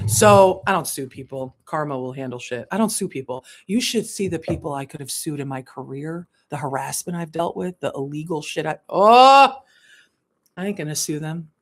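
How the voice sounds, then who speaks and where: A woman spiritual coach tells a story on a casual livestream. Her voice sits a little low, but she jumps way up for the dramatic bits, curses freely and laughs as she goes. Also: moderate pace. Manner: animated, swearing, laughing through the story.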